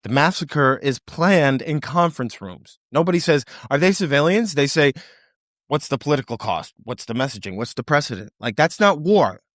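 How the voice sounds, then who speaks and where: A man's voice: a little high, expressive, normal speed, fairly bright tone, dry recording, studio quality. A man hosting a podcast, delivering a sardonic, impassioned commentary monologue and mock-quoting officials in put-on voices. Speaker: podcast host.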